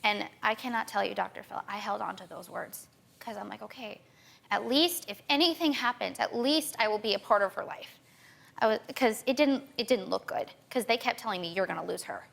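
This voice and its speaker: Creaky-voiced young woman telling her story. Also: medium pitch, fairly bright tone. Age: young adult. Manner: rushed, repeats herself, quotes others. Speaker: talk show guest. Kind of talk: emotional personal account.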